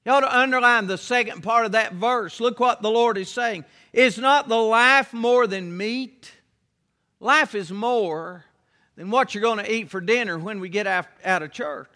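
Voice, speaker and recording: Man preaching, very high bright voice, emphatic repetition, long church reverb. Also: normal speed. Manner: emphatic, repeats key phrases, draws out words; reads King James scripture aloud. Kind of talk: sermon. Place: church sanctuary.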